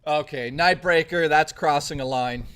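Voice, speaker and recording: A man chatting casually on a livestream, ranting in a profane, excitable way and jumping from topic to topic. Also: on the high side, normal speed, clean tone. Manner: jumps topic to topic.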